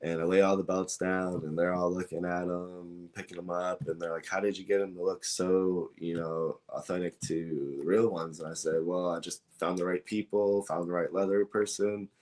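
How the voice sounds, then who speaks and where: A man's voice: sits low, flat delivery, normal speed, hardly any pauses, a little mellow. A man, a guest on an interview show, telling a story in a casual, rambling way with many fillers and acted-out dialogue. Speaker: belt maker, guest.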